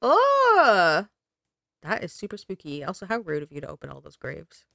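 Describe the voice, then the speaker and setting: A woman's voice: on the low side, wildly swooping pitch, moderate pace, gravelly, pushed and bright, no echo, studio quality. A woman co-hosting a podcast, joking around, swearing freely and laughing often. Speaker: podcast co-host. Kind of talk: casual podcast chat.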